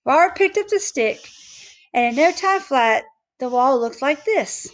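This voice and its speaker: High-voiced woman reading aloud. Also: lively intonation. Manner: halting, with slips and restarts. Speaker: reader. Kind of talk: reading a children's book aloud.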